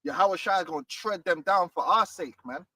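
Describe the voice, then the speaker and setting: Man, high bright voice, fiery street preaching, dry distant sound, outdoors. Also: brisk, no room sound. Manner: fiery, emphatic, repeats "man".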